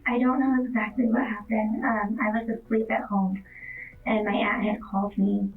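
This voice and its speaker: In a police interview, a young female witness in her twenties speaks hesitantly and rambles, full of fillers. Her mid-range voice is flat and at normal speed, captured on a distant, tinny, phone-like recording.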